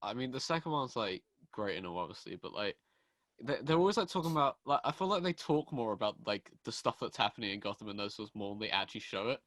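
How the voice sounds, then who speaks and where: A young man in casual chat, speaking with constant "like" fillers and trailing off softly. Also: lowish voice, very animated, no echo. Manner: rapid, heavy on "like", trails off quietly.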